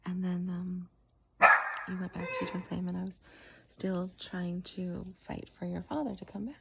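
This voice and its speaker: Gravelly woman with a whispery delivery. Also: on the low side, steady tone, very noisy. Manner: drifts between soft whisper and full voice, halting with fillers. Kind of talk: casual spoken storytelling.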